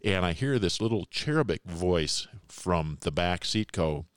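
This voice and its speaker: A middle-aged man co-hosting a podcast in casual chat, telling stories in an animated way and laughing often. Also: low voice, moderate pace, no room sound, clean studio sound. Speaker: podcast co-host.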